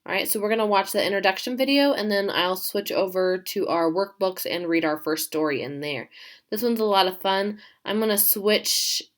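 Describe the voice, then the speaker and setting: A woman teacher giving a remote class, reading a story aloud and asking her pupils questions in an animated way. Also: mid-range voice, moderate pace.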